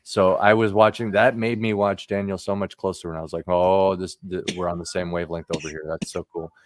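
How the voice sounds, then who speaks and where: A man's voice: deep voice, little pitch movement, fairly quick, no echo. A man in his thirties hosting a casual chat over a video call, rambling with frequent fillers. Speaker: podcast host.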